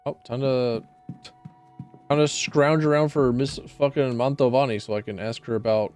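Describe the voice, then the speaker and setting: A man's voice: medium pitch, fairly even intonation, normal speed, a little mellow. A man streaming a game, chatting casually with a rambling, profane manner. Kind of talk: casual gameplay commentary.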